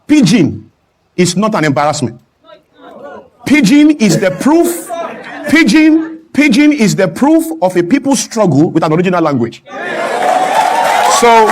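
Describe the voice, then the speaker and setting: A man from Nigeria speaks with a high voice, building his points with repetition and rising emphasis. He talks as a guest on a studio talk show. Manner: emphatic, rhetorical, mimics broken English with laughs. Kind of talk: impassioned talk-show speech. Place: television studio with a clapping audience.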